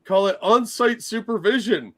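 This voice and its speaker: Sarcastic male co-host, slightly high voice, joking asides in casual chat. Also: moderate pace. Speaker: podcast co-host.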